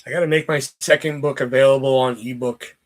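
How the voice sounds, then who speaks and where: A man's voice: medium pitch, steady tone, fairly quick. A young man telling a rambling, profane story in a casual vlog, with lots of fillers. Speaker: vlogger.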